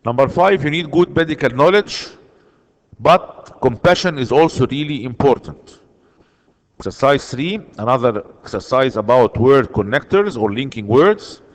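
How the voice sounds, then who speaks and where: A man's voice: mid-range voice, expressive, normal speed, big-room sound. A man teaching an online English lesson, patiently repeating key words and answers.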